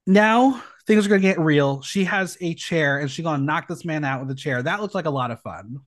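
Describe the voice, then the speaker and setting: A man hosting a casual podcast recap, telling it in a lively, playful way with dry asides. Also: fairly high pitch, brisk, dry recording. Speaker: podcast host.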